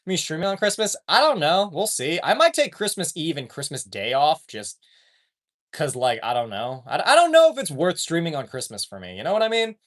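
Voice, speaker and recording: A male streamer talks through a casual live chat, reading viewer comments as they come in. His pitch moves up and down freely. He rambles, loses threads mid-sentence and swears without much thought. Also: big pitch swings, fairly quick, fairly bright tone.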